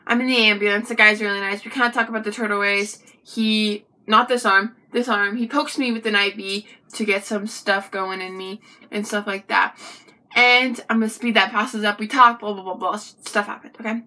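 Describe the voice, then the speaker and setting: A young woman vlogger telling a personal story to the camera in a chatty, animated way, with frequent asides to the viewer. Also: mid-range voice, moderate pace.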